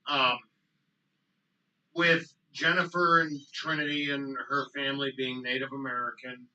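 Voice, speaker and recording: A man's voice: mid-range voice, level tone, sharp tone, a little hiss or hum. Man hosting a podcast, choked up, lots of ums, kinda far from the mic. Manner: choked up, halting with many ums. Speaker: podcast co-host. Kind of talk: casual chat.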